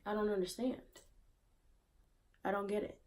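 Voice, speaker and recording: A woman's voice: mid-range voice, little pitch movement, normal speed, darkish tone. A woman giving her opinion casually in a vlog, repeating rhetorical questions in disbelief. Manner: conversational, with fillers. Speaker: vlogger.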